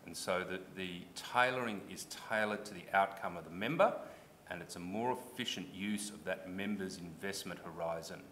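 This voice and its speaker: Deep-voiced Australian man explaining. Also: normal speed, fairly bright tone, a little hiss or hum. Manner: earnest, explanatory, restarts when pressed. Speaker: submitter at a public hearing. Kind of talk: formal testimony.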